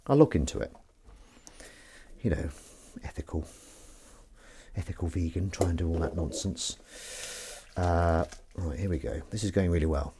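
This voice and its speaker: A man's voice: sits low, big pitch swings, moderate pace, a little mellow, slightly rough. A man hosting a live stream, chatting casually, joking and playing mock-outrage at the chat's comments. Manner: jokey, rambling, mock-outraged at chat.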